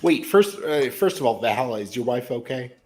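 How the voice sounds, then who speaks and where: A man's voice: medium pitch, expressive, a little fast, a little hiss or hum. A man chatting on a group livestream call, wry and teasing. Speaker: guest on a livestream chat. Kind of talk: casual group call chat.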